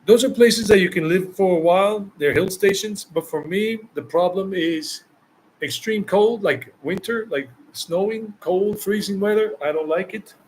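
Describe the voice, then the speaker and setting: A US travel vlogger with a high-sitting voice answers viewer questions in a live Q&A chat at normal speed. His talk is emphatic and full of repeated phrases for stress, captured in a low-quality recording with slight background noise.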